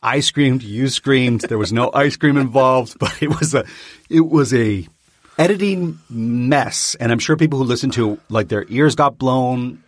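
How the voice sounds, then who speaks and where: A man's voice: medium pitch, measured pace, no echo, clean studio sound. A man co-hosting a casual podcast chat, passionate and fussy about coffee. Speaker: podcast co-host. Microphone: close podcast mic.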